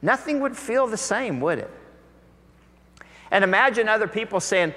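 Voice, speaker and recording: A man preaches a sermon in a big church hall, and his voice carries a long reverb. His tone is bright and forceful, pitched a little high, and he tells the story with lively energy, acting out the voices of the people in it. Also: unhurried, pauses often.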